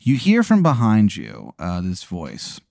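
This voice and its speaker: A man's voice: sits low, wildly swooping pitch, unhurried, gravelly, darkish tone, dry recording, studio quality. A man improvising an absurd second-person story, rambling and profane with many fillers. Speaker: comedy podcast host.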